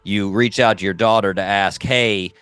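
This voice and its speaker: Easygoing host with a low, smooth voice. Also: male voice, fairly even intonation, moderate pace, a bit bright, no room sound. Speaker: podcast host. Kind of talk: casual interview.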